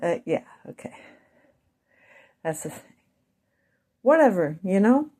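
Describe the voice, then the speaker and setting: A woman with a Midwestern accent talking in a rambling vlog monologue, speaking slowly and deliberately with wandering asides. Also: medium pitch, sing-song, warm tone, slightly rough. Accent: Midwestern American. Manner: wandering, self-interrupting asides. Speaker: vlogger.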